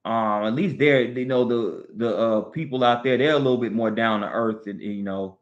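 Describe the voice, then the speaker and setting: A man's voice: mid-range voice, moderate pace, dull audio. A man with a Southern US accent, hosting a casual live stream and rambling in a laid-back way as he thinks aloud. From Southern United States. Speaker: livestream host.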